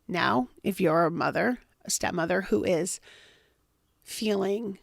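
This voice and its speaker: A woman's voice: medium pitch, a little slow, vocal fry, no room sound, clean studio sound. A woman hosting a motivational podcast, talking animatedly and acting out quoted voices. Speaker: podcast host.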